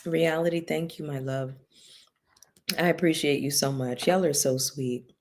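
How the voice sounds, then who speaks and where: A woman's voice: deep voice, fairly even intonation, measured pace, darkish tone, a little hiss or hum. A woman hosting a casual livestream, chatting with viewers and thanking them by name, with features. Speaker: YouTube commentary host.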